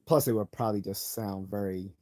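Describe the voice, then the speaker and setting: A man's voice: lowish voice, steady tone, fairly quick, a little mellow. A man hosting a live stream, reading an article aloud and breaking off into chatty, opinionated asides.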